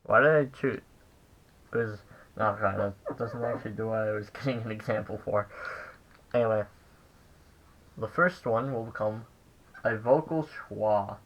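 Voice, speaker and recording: A young man giving a casual language lesson, halting and full of fillers as he corrects himself. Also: fairly low pitch, steady tone, highs cut off. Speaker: language teacher.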